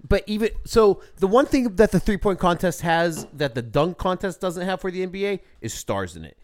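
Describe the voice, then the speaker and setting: A man co-hosting a podcast, talking in a casual, animated, ranting way with plenty of swearing. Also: high-pitched, normal speed. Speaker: podcast co-host. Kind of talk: casual chat.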